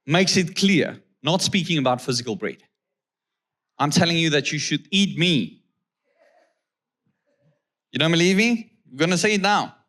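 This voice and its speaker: South African preacher with a raised voice. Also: male voice, a little high, a bit bright. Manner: reads scripture slowly, then asks the crowd rhetorical questions; keeps checking in with "okay?". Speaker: guest pastor. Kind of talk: sermon with scripture reading.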